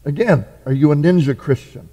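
A man's voice: fairly high pitch, brisk, mellow. A man preaching a conversational sermon, full of fillers, restarts and rhetorical questions. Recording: reverberant hall.

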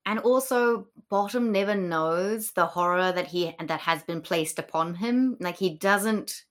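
Slow, giggly rambling woman podcaster. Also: lowish voice. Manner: giggly, rambling, many fillers. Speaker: podcast co-host. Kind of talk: casual comedic chat about Shakespeare.

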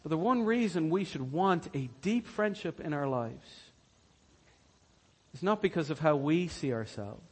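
Husky-voiced man preaching with swelling passion. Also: a little high, expressive. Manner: swings from hushed and slow to loud and soaring. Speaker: pastor. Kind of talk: sermon. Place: church.

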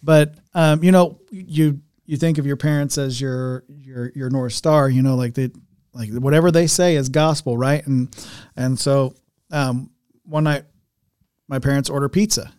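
A man's voice: medium pitch, fairly even intonation, unhurried, a little mellow, smooth, no echo, clean studio sound. A man hosting a podcast, telling a family story in a loose, rambling way with many restarts and laughs. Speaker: podcast host. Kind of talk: casual chat and news reading.

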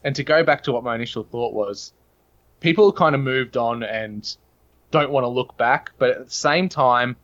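A man's voice: mid-range voice, normal speed, fairly bright tone, highs cut off. A man with an Australian accent, a podcast guest talking in long, earnest, opinionated runs. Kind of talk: casual podcast chat.

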